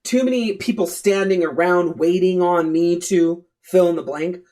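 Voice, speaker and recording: A woman's voice: on the low side, normal speed, mellow. A woman life coach hosting her own podcast, talking candidly and bluntly, swearing freely and repeating phrases for emphasis. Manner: casual, with frequent "you know" and "right".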